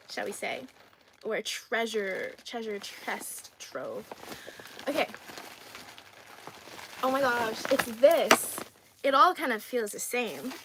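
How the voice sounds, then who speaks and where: A young woman with a fairly high voice chats casually on a livestream, reading viewers' comments aloud and giggling often. She speaks slowly and unhurriedly, over a faint hiss of background noise. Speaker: streamer reading live chat.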